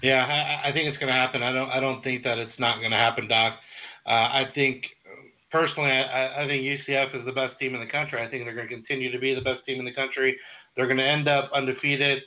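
A man's voice: mid-range voice, level tone, fast talker. A man co-hosting a casual sports chat, easygoing and full of uh fillers. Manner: easygoing, filler-heavy with frequent uh. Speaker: sports podcast co-host. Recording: tinny phone-like line.

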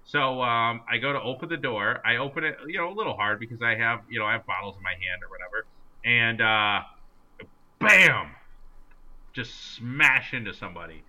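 A man's voice: mid-range voice, moderate pace, pushed and bright, lo-fi sound. A man co-hosting a casual sports podcast, telling stories with plenty of ums and uhs. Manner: chatty storyteller, many fillers. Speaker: podcast co-host. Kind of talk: casual chat.

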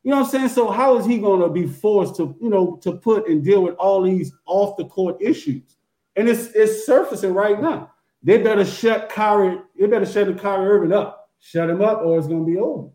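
A man with a high voice talks about basketball in an animated, boastful way. He keeps repeating "you know what I'm saying." His voice echoes, as if he is in a hollow room on a remote line. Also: fairly quick. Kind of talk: casual basketball chat.

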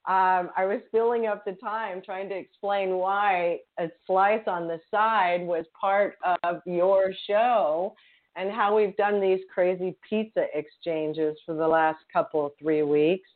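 A woman's voice: medium pitch, fairly even intonation, slow. Bubbly woman host, takes her time, sounds like a phone line. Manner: bubbly, gushing. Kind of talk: live show chat.

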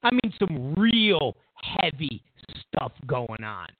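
Speaking slowly in a fairly high pitch, a male host of a political commentary program mocks and emphasizes his way through a lively monologue with scornful asides. The tinny, phone-style audio has no room sound at all.

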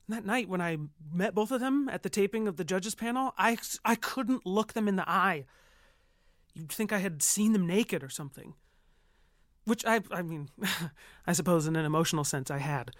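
An actor playing a flustered, earnest showrunner who narrates an audio drama and stammers through restarts. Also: male voice, on the high side, no echo, clean studio sound, close to an everyday voice. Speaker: TV show producer.

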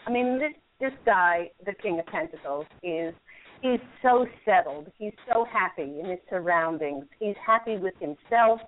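A woman's voice: lowish voice, expressive, moderate pace, a little hiss or hum. A woman hosting a call-in radio show, giving angel card readings in a soothing, encouraging way with frequent laughs. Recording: phone-like lo-fi line.

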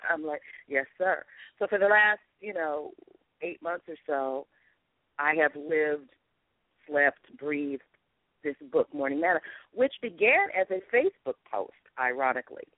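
This Los Angeles comedy writer and author, appearing as a talk-show guest, has a low-pitched, unhurried voice with no echo, though the line sounds thin and phone-like. She's frank and animated, frequently breaking into laughter while recounting her own experience.

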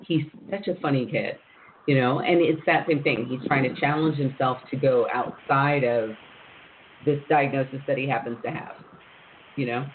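A man's voice: mid-range voice, moderate pace, slight background noise. A man hosting an interview show, chatting easily and affirming his guest over a tinny phone line. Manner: chatty, with steady affirming murmurs. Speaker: podcast host. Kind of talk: casual interview chat.

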